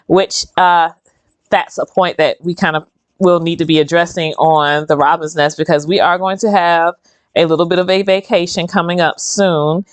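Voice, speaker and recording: A woman's voice: lowish voice, moderate pace, no room sound. A woman, hosting a casual, rambling chat while she does her own nails. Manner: chatty, rambling and animated. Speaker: host.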